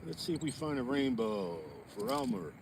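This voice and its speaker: A man's voice: medium pitch, big pitch swings, moderate pace, background noise. Chatty man vlogging out on the ice. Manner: chatty, folksy, talks to viewers. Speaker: fishing vlogger. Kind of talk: casual outdoor vlog talk. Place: outdoors on a frozen lake.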